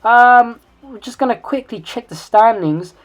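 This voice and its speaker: A woman giving excited, chatty commentary over her own racing game footage, correcting herself as she goes. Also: a little high, a little slow, rough recording. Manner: excitable, rising and louder in tense moments; chatty, self-correcting asides. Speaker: sim racing video creator.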